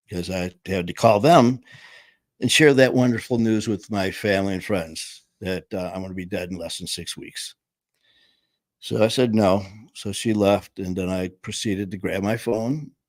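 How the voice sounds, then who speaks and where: Middle-aged guy with a deep voice telling his story straight, swears a bit, dry sound. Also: unhurried, a little mellow, dry recording. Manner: candid, plain-spoken, swears casually. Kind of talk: personal storytelling.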